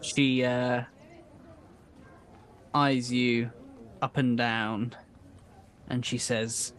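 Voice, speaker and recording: A man narrating as dungeon master in an improvised tabletop game, unhurried and conversational, with hesitations. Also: medium pitch, flat delivery, a bit bright.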